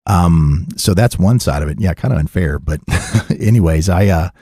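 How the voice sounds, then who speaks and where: Middle-aged man, dark husky tone, dry close sound; candid rambling storyteller. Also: sits low, moderate pace, no room sound. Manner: rambling and candid, with frequent laughs. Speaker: podcast guest telling his life story. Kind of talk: casual storytelling.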